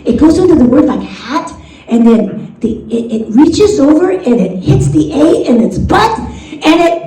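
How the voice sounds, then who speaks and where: A woman's voice: high voice, very animated, a little slow, warm tone. An older woman, a retired teacher, doing stand-up comedy and laughing through her jokes. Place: comedy club stage. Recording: roomy live stage sound from a distance, audience audible.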